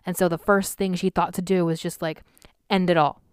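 A woman's voice: on the low side, level tone, fairly quick, clear, resonant tone, dry recording, clean studio sound. A woman recapping and reviewing a film in a casual, rambling way, with lots of fillers, restarts and sighs. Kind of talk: casual spoken movie recap.

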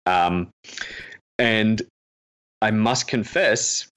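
A man's voice: lowish voice, very slow, a bit bright, clean tone. A man, a film director, chatting earnestly in an interview and telling stories with self-deprecating humor. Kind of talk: casual interview chat.

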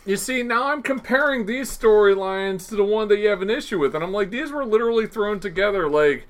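A man's voice: sits high, lively intonation, a little fast. A man co-hosting a podcast, joking and teasing his co-hosts in casual chat. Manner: teasing, joking, laughs often. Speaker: podcast co-host.

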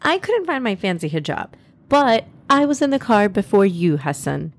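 A woman's voice: medium pitch, sing-song, moderate pace. A woman voicing a cheeky younger sister in a children's story, teasing and defensive. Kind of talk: storybook character voice.

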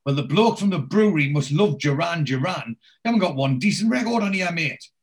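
A brash, mouthy man full of sarcasm, as a man puts him on while retelling a scene. He speaks higher than usual and needles whoever he is talking to. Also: expressive, a little fast. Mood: taunting. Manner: taunting, needling.

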